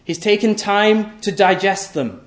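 Emphatic male preacher in an echoey room. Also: a little slow. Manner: emphatic, repeats key phrases, asks rhetorical questions; voice often drops low and soft at the end of phrases. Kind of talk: sermon.

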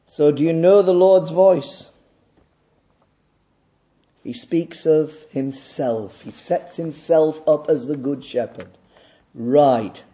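Male preacher, high pitch, deep mellow tone, sermon delivery with insistent rhetorical questions. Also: slow pace. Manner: rhetorical questions, emphatic repetition.

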